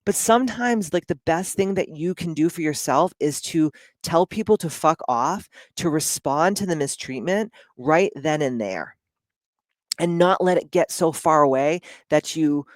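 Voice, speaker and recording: A woman's voice: low voice, lively intonation, a little slow, no room sound. A woman speaking in a casual, blunt monologue, with frequent swearing and lots of "like".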